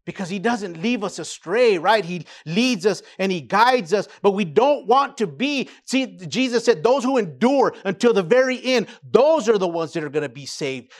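High-voiced man preaching. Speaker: pastor. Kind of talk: sermon.

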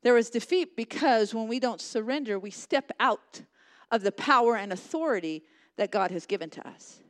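A woman delivers a sermon in a fairly high voice. She preaches with passion, rising to loud emphatic lines and dropping to hushed, near-whispered ones. She often repeats phrases for emphasis. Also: lively intonation, moderate pace.

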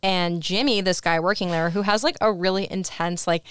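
Young woman co-host, low-ish smooth voice, dry close mic, chatty recap delivery. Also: moderate pace, no room sound. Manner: chatty, animated storytelling with frequent "like". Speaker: podcast co-host. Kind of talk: casual podcast chat recapping a movie.

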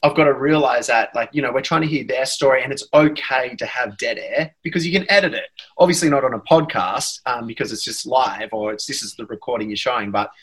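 Husky Australian man chatting. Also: medium pitch, a little fast, few pauses, a bit bright, low-quality recording. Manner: rambling, self-deprecating, laughs often. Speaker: podcast guest, actor. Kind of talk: casual chat.

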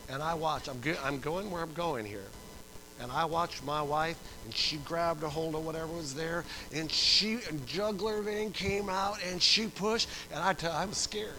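A middle-aged man preaching a sermon, telling stories with acted-out voices and swinging from soft to loud. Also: fairly high pitch, moderate pace, rough recording. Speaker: pastor.

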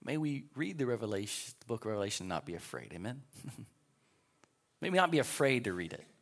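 A man with a gravelly, mid-range voice teaches a live Sunday school class in a church. He talks to the room in a relaxed, conversational way, reading scripture passages aloud and then stopping to explain them. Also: medium pitch, fairly quick. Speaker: pastor.

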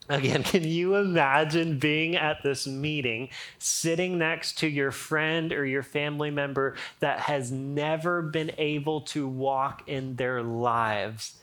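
A man's voice: on the high side, steady tone, slow pace, hardly any pauses, fairly bright tone. A male pastor giving a sermon, chatting and joking with the congregation and reading scripture aloud with mounting energy. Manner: humorous, conversational, reads scripture aloud with rising energy.

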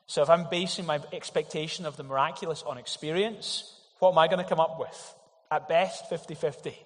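A pastor preaches a sermon in a slightly high voice at a fairly quick pace, earnest and emphatic, putting rhetorical questions to the congregation. A long hall reverb surrounds his words.

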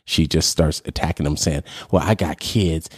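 A man's voice: extremely low pitch, normal speed, a little mellow, slightly rough, dry recording, studio quality. A man hosting a podcast, talking casually and emphatically in a ranting way. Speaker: podcast host.

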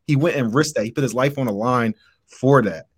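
A man's voice: medium pitch, brisk, breathy edge. A man making his case in a casual debate, laid-back and rambling with plenty of fillers.

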